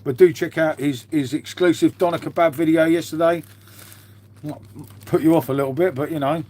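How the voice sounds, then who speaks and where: A man talks loosely through a live stream from his half-converted garage, his voice sitting a little high. He rambles from one thing to the next, drops casual swearing and calls everyone mate. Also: fairly even intonation, normal speed, warm tone. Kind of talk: casual live-stream chat reading viewer comments.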